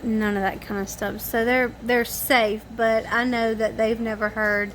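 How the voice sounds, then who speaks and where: A woman's voice: a little high, flat delivery, a little slow, slight background noise. A tired woman chatting casually to camera at home in the evening, rambling in a homespun way. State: tired and yawning. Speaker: family vlogger.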